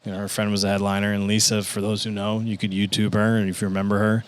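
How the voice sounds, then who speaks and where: A man's voice: lowish voice, fast, smooth. A man, a stand-up comedian telling stories as a podcast guest and acting out the people he quotes. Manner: animated, acts out quotes with profanity. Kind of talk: casual storytelling.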